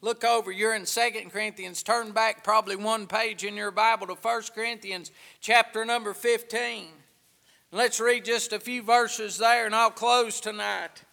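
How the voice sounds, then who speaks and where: A man preaching a sermon, swinging between hushed asides and loud, drawn-out emphasis. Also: high voice, steady tone, creaky, long reverb tail. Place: church.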